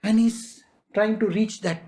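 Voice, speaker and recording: Slow, chuckling spiritual storyteller. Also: mid-range voice, steady tone, darkish tone. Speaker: spiritual master. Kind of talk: devotional discourse with storytelling.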